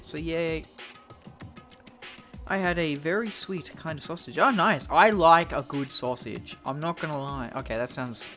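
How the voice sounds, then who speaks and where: A man's voice: fairly high pitch, unhurried, sharp tone, soft background music. Rambling, joking streamer guy. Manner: rambling, joking, swears freely, mock-formal bits. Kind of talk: casual live-stream chat.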